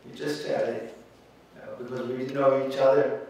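A man's voice: mid-range voice, little pitch movement, a little mellow. Man preaching in an echoey church. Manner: halting, many uh fillers, rising to fervent preaching when reading scripture. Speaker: speaker at a funeral. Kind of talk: funeral tribute and scripture reading. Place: church funeral service. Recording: very echoey hall, distant mic, faint noise.

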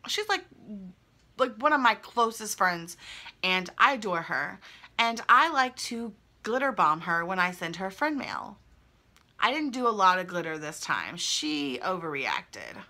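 Bright-voiced woman gushing over fan mail. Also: on the low side, big pitch swings, measured pace. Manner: chatty, gushing, thinking aloud. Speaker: vlogger opening fan mail. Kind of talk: casual chat. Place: indoors at home.

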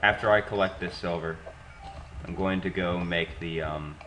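A man's voice: low-pitched, steady tone, normal speed, a bit bright, faint music behind. A man playing a video game with friends, joking, laughing a lot and quoting lines in different voices. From Scottish and German heritage. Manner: playful, laughs often, mimics dialogue in shifting voices. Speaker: let's play player. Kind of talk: casual gaming chat. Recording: dull lo-fi mic with faint noise.

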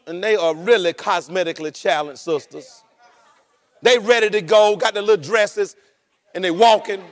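A male pastor preaching a sermon. He tells the story with lively energy, laughs as he goes, and swings between shouting and dropping his voice low. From rural United States.

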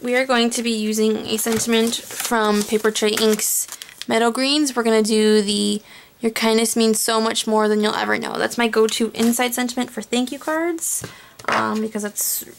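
A woman narrating her card-making tutorial in a relaxed, chatty way, thinking aloud as she works. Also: on the high side, normal speed, gravelly, slight background noise. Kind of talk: casual crafting tutorial voice-over.

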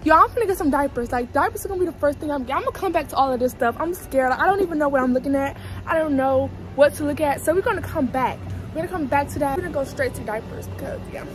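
A woman's voice: high voice, expressive, fast, soft background music. A young woman, vlogging casually in a big store, giggly and nervous as she talks to her viewers. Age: young adult. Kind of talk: casual vlog chat.

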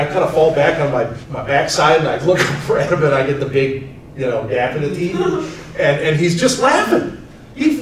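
A man in his forties tells students a story as their teacher, growing loud and then hushed. His voice sits a touch high, echoing around a school hall from a mic some way off, with faint noise behind. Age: 40s. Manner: animated, swings from loud to soft. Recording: echoey room, mic far off, faint noise.

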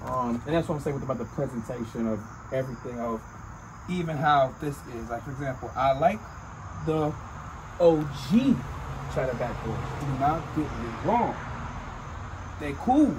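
A man's voice: mid-range voice, expressive, moderate pace. A man hosting a casual sneaker vlog outdoors at dusk, talking in a slangy, chatty way and repeating his catchphrases. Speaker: sneaker vlogger. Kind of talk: casual hyped sneaker show-and-tell. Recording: outdoor noise with crickets and traffic.

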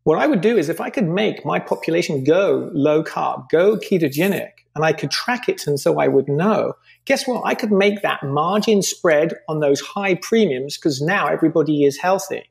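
A man's voice: on the high side, animated, a little fast, vocal fry. A man speaking as a podcast guest in an interview, earnestly making his case with figures and examples. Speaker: podcast guest, company founder. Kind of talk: interview conversation.

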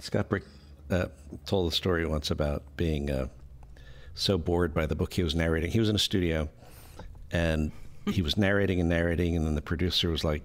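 A man's voice: low voice, steady tone, brisk. A man co-hosting a podcast, chatting casually and telling anecdotes with frequent laughter. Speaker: podcast co-host. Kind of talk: casual chat.

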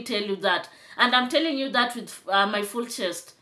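A woman's voice: on the high side, normal speed, hardly any pauses, pushed and bright. A young Kenyan woman with a Kenyan accent, giving chatty commentary in a vlog that grows into indignant scolding. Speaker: vlogger.

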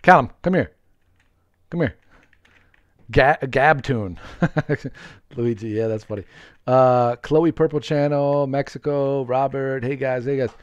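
A man streaming a game live, chatting with viewers, greeting them by name, laughing often and getting excited. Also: mid-range voice, takes it slowly, pauses often, smooth, dry recording, muffled recording. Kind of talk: live gameplay commentary with viewers.

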